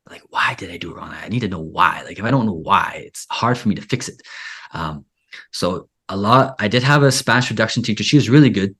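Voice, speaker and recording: A man's voice: on the low side, fairly quick, a bit bright, husky. A man hosting a casual interview, talking in a rambling way full of filler "like". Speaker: podcast host and Spanish teacher.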